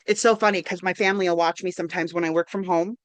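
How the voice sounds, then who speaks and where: A woman with a lowish voice and fairly even intonation speaks quickly, with no echo. She's a counselor presenting an interactive online workshop over a video call, upbeat and encouraging, often checking in with "right?".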